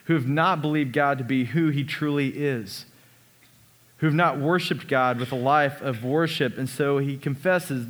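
A man preaching a sermon as a pastor, earnest, sometimes dropping his voice to a hush on key lines. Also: medium pitch, unhurried. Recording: long reverb of a large hall.

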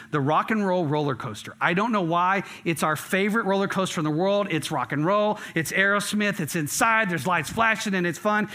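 A man's voice: sits high, bright, forceful tone. A middle-aged man preaching a sermon as a pastor. He tells stories in a conversational way and stresses his points earnestly. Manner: conversational storytelling with earnest emphasis.

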